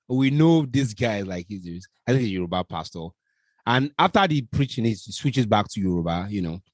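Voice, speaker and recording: Man, expressive chat. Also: on the low side, normal speed, no echo. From Nigeria. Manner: conversational, asks follow-up questions, wry. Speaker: podcast co-host. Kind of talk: casual chat.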